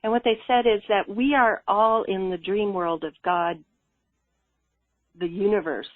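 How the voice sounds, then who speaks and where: A woman, a guest on the show, telling a story in an earnest, lively way and laughing often. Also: mid-range voice, measured pace, no room sound. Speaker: interview guest, spiritual coach. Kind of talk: conversational storytelling. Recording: tinny phone line.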